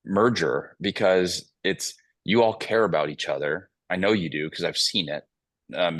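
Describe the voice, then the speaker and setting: A man's voice: low voice, a bit bright, no echo. A man speaking as a company CEO guest, telling a long story in an earnest way with plenty of fillers. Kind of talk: casual panel talk, telling a story.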